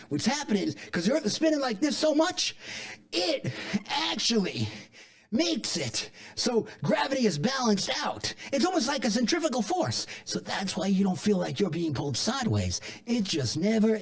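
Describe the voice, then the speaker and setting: A man playing a paranoid, rambling flat-earth conspiracy theorist and chain smoker, in a comedic monologue to camera. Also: high-pitched. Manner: rambling, digressive, self-contradicting; defensive, insists he is not crazy. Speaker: comedy character host.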